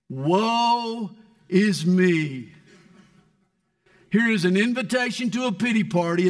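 A male preacher delivers a sermon in a higher-than-usual voice. His delivery is lively and full of rises and falls. He leans dramatically into scripture and poetry readings. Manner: dramatic, reads scripture and poetry with sweeping swings in tone. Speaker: pastor.

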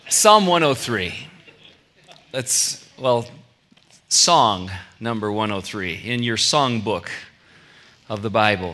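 Male pastor, middle-aged, from California; bright tone, casual storytelling sermon. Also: medium pitch. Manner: conversational storytelling with anecdotes and asides.

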